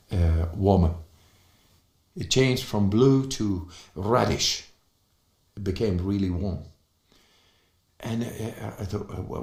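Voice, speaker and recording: Slow-talking man in an echoey room. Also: on the low side. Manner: excited, halting with fillers and restarts. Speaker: speaker on breathing and cold. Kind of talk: motivational talk.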